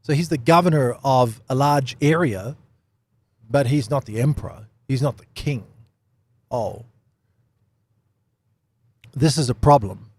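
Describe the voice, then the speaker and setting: A man giving an unscripted Bible study talk, animated, with lots of rhetorical questions and repeated phrases. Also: mid-range voice, measured pace, long pauses. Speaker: Bible teacher.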